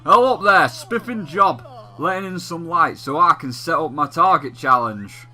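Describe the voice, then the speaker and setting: A man voicing a cheerful top-hatted showman, loud and hearty, with a slightly rough working-class twang. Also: on the high side, lively intonation, normal speed, soft background music, voice pushed up.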